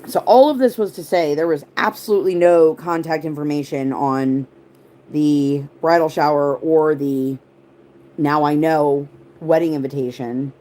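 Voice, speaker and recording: Low-voiced rambling woman livestreamer. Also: unhurried, mellow. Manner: rambling, tangent-prone, heavy use of "like"; answers viewer chat comments. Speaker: livestream host. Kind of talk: casual livestream chat.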